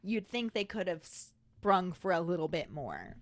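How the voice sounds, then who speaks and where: A woman's voice: lowish voice, sing-song, measured pace, no room sound. A woman co-hosting a podcast, chatting casually and acting out quoted lines. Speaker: podcast co-host. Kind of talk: casual chat.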